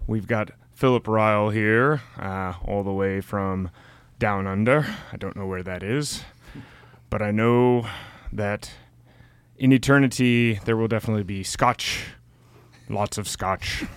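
A man impersonating a pompous male evening news anchor with a slow, drawn-out delivery. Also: lowish voice, fairly even intonation, clean tone, no echo.

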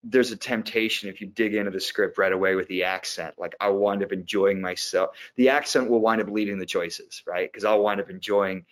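A man with a very deep, low-pitched voice speaks as an interview guest. He is an actor who reflects on his craft in a thoughtful, unhurried way and explains his ideas at length. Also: fairly even intonation, fairly bright tone. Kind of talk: conversational interview answer.

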